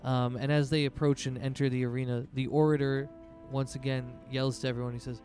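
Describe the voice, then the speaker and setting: A man's voice: medium pitch, level tone, brisk, darkish tone, soft background music. A man narrating as game master in a loose, rambling way, with lots of fillers.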